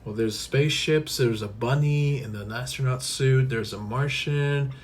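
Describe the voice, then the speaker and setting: A man co-hosting a children's storytime at home, chiming in casually with slow, deadpan remarks from off to the side of the camera mic. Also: medium pitch, a little hiss or hum. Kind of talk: casual chat, voicing a dog's lines.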